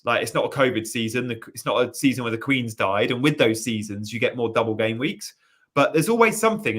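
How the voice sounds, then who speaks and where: A chatty man from England hosts a live stream, reading viewer comments aloud and chatting with a co-host. His voice sits at a middle pitch, neither deep nor high. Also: a bit bright. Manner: chatty, reads out viewer messages. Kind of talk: casual live stream chat.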